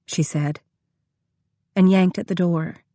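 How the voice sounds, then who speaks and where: A woman narrating an audiobook in a measured, expressive reading. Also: fairly low pitch, no echo. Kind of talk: scripted narration.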